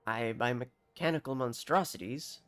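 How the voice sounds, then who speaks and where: A streamer voicing a jumpy, suspicious male farmer in a deliberately bad put-on accent, reading game dialogue aloud with a folksy, wary, grumbling manner. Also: mid-range voice, fairly bright tone, no echo, faint music behind, close to an everyday voice. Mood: earnest.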